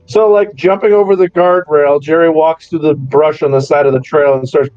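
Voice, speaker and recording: A man's voice: on the high side, fairly even intonation, normal speed, darkish tone, dry recording, dull audio. A man narrating as game master of an online tabletop game, laughing often as he describes the scene.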